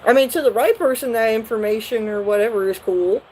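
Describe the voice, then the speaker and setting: A woman's voice: on the high side, fairly quick, darkish tone, poor audio. Woman tarot reader on a livestream, swears a lot, rambles, faint noise behind. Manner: blunt, profane, rambling. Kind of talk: live tarot reading.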